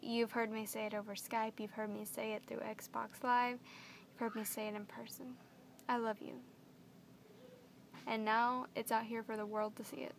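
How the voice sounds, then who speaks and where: A young woman vlogging to camera, gushing and emotional as she repeats her words, with a creaky voice. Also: on the high side, level tone, moderate pace, a little hiss or hum. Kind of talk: earnest direct-to-camera vlog.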